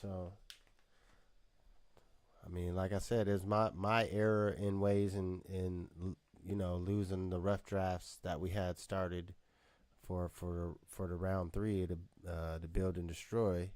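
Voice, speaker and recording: Co-host type, low-pitched man, easygoing and rambling, dry close webcam sound. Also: flat delivery, slow, darkish tone, dry recording. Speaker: podcast co-host and rapper. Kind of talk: casual chat on a live video call. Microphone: webcam video call.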